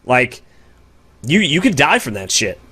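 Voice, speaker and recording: A man co-hosting a casual paranormal podcast, loud and joking, swearing often and throwing in slang like "yo". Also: mid-range voice, very animated, measured pace, a little hiss or hum. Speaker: podcast co-host. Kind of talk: casual live-stream chat.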